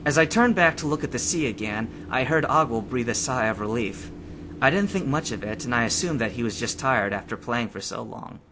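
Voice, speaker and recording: A man reading first-person fanfiction aloud in a lively, expressive way. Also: medium pitch, brisk, background noise. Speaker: audiobook reader.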